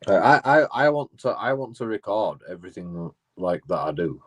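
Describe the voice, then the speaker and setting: Rambling, foul-mouthed man, low voice. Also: very animated, normal speed. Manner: profane, repetitive, restarts phrases. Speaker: auditor vlogger. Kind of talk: casual rambling monologue.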